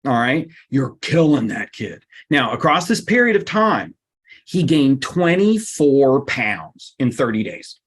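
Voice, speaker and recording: A man giving a lively seminar talk, emphatic and blunt, his voice leaping up on the points he stresses. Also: slow pace, husky. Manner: emphatic and blunt, with sudden pitch jumps. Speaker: workshop speaker.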